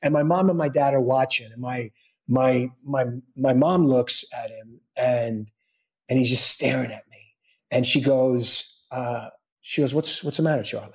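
A man's voice: medium pitch, fairly even intonation, unhurried. A man guest in an interview telling a long personal story in a casual way, with many restarts and quoted dialogue he acts out. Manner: rambling, with frequent restarts and acted-out quotes.

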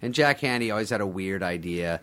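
A man's voice: low-pitched, lively intonation, brisk, fairly bright tone. A man tells show-business stories on the radio, laughing often and jumping into other people's voices. He talks casually and swears freely. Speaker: guest comedian. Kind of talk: storytelling in a radio interview.

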